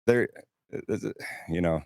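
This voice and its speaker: Low-voiced man telling rambling tour stories. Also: a little slow, a little mellow, no echo, clean studio sound. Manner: rambling storyteller, swears freely. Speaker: touring band crew member. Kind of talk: casual podcast chat.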